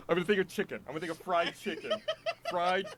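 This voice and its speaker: A man's voice: high-pitched, noisy background. A man voice actor stumbling over a line and laughing at his own mistakes. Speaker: voice actor in outtakes.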